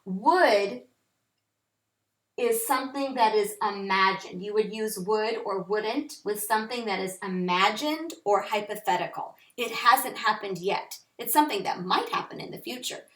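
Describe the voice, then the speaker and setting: A woman teacher slowly and clearly explaining English grammar to learners. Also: mid-range voice, a bit bright. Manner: slow, clear, deliberate teaching delivery. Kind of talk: instructional lesson. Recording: echoey room, voice off-mic.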